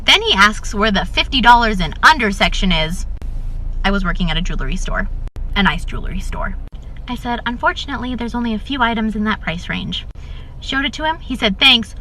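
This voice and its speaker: A woman's voice: mid-range voice, lively intonation, brisk, bright, forceful tone, slight background noise, rough recording. A woman telling a casual storytime about retail work, animatedly acting out the dialogue. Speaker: retail worker.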